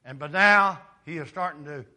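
A man preaching a sermon dramatically, dropping quiet and then rising to loud, impassioned cries. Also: a little high, moderate pace. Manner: dramatic, swings from quiet to shouting.

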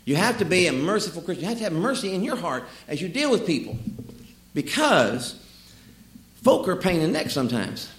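Lively, animated male preacher. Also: high voice, a little fast. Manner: storytelling, humorous, lively asides. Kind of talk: sermon. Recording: echoey room.

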